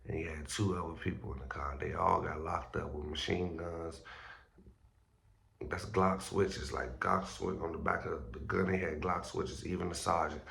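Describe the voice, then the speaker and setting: Male blogger host, very low gravelly voice, casual and profane, a bit groggy from just waking up. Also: steady tone, moderate pace, a bit bright, a little hiss or hum. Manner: loose, slangy and profane, with stumbles and restarts. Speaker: street news blogger host. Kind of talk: casual vlog commentary.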